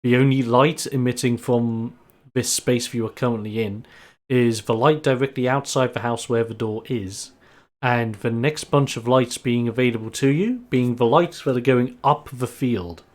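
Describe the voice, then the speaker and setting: A man's voice: medium pitch, moderate pace. A man runs a tabletop game, describing the scene in a casual, plain voice. He speaks at an ordinary pace with fillers. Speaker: game master.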